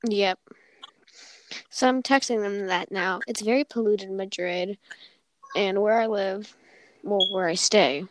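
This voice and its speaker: A woman's voice: medium pitch, fairly even intonation, takes it slowly, long pauses, rough recording. A young woman co-hosting a casual chat, giggly and rambling, often cutting herself off mid-sentence. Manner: giggly, rambling, self-interrupting. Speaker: podcast co-host.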